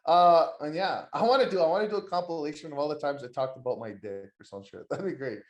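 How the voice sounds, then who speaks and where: A man chats loosely on a podcast, his voice sitting a bit high. He rambles, swears and mocks people in quick impressions, and the room gives his voice a noticeable echo. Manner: crude, rambling, mocking impressions of wrestlers. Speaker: podcast host. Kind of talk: casual wrestling podcast chat.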